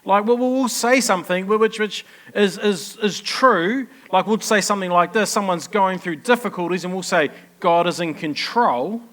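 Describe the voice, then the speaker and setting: A man's voice: sits high, moderate pace, hardly any pauses, a bit bright. A male pastor giving a conversational sermon, chatty and often asking his listeners questions. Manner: chatty, asks the congregation questions.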